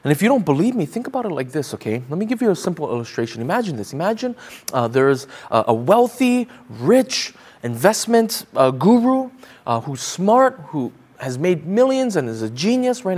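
A man's voice: on the high side, very animated, normal speed, a little mellow, slightly rough. A man preaching a sermon as pastor, emphatic, repeating phrases and asking the congregation pointed rhetorical questions.

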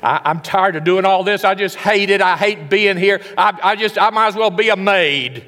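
Man doing a whiny worn-out wife, high and loud, fed-up. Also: moderate pace, in a large hall. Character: weary complaining housewife.

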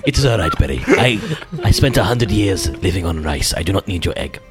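A man playing a calm old man who speaks formally and slowly in a tabletop game. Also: deep voice, loud music behind the voice. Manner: slow, formal, no contractions.

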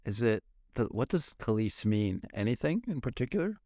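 A man's voice: mid-range voice, sing-song, moderate pace, dark tone, no echo, studio quality. A man co-hosting a podcast, joking around and asking the guest questions. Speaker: co-host. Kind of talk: podcast interview.

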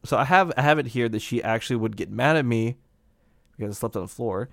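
A man from the United States rambles through a story on a podcast, cracking jokes and laughing as he goes. His voice sits at a middle pitch for a man, and the recording is dry and close. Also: fast, vocal fry, a bit bright, no echo. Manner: jokey, rambling, laughs often. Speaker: podcast co-host. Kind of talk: casual storytelling chat.

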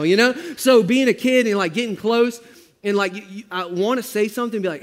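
A man preaching as a pastor, telling a story in a relaxed, joking way with slang, often laughing as he talks. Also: sits high, fast talker, long reverb tail. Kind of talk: sermon.

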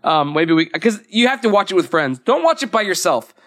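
A man's voice: high-pitched, big pitch swings, fairly quick. A young man co-hosting a podcast, chatting casually and rambling with frequent laughs. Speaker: podcast co-host. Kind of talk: casual chat.

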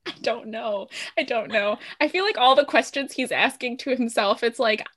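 A woman's voice: on the high side, normal speed, fairly bright tone. A woman co-hosting a podcast, casually retelling a show's plot with plenty of filler words. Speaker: podcast co-host recapping a show. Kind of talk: casual chat.

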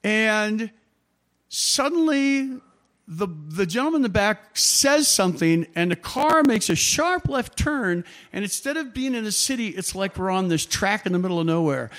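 A man telling a personal travel anecdote in a loose, animated way, chuckling often and rambling with plenty of fillers. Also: sits high, normal speed.

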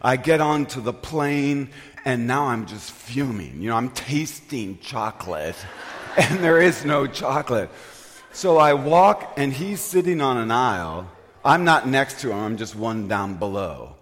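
A man preaching a storytelling sermon as pastor, animated and poking fun at himself. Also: mid-range voice, unhurried, slight background noise. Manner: animated, self-mocking storyteller. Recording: long reverb of a large hall.

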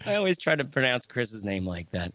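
A man's voice: mid-range voice, very animated, brisk, a bit bright, no room sound. A man in his thirties talking as a podcast guest, rambling and joking, often breaking off his own sentences. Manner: rambling, joking, self-interrupting. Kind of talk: casual conversation.

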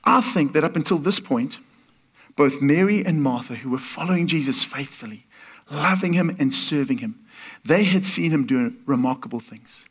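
Guest preacher, male, higher voice, storytelling sermon delivery. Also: husky. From Portuguese. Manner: storytelling, acts out voices in quotes.

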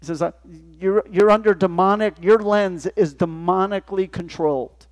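A male pastor delivers a sermon in church, with a voice that sits slightly high. He talks to the congregation plainly and conversationally, asking rhetorical questions and letting points sink in. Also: steady tone, normal speed.

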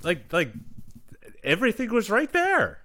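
A man on a sports podcast, making his point in halting, restarting bursts. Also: sits high, wildly swooping pitch, bright, forceful tone.

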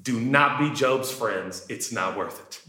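A man preaching a sermon, animated, jumping from shouted lines to quiet asides. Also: medium pitch, measured pace. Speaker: pastor. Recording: echoey room.

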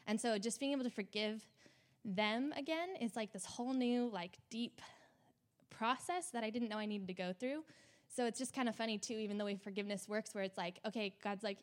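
A woman's voice: on the high side, brisk. A young woman hosting, openly and emotionally sharing a personal faith story in a casual way, with many fillers. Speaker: host.

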